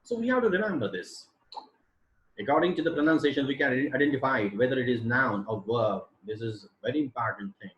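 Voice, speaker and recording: A man giving a phonology lecture to teachers, modelling word pairs slowly and deliberately. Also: lowish voice, rough recording. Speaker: English teacher.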